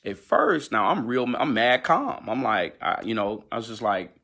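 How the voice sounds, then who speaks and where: A man, a gospel singer, giving a candid personal account on a livestream, telling it with animated energy but stumbling through fillers and restarts. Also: medium pitch, normal speed.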